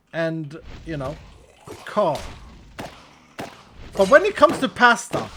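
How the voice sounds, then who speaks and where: Swedish man, high voice, joking rambling stream chat. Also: sing-song, slow, pauses often, background noise. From Sweden. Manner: rambling, playful, joking tangents. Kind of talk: casual gaming stream chat.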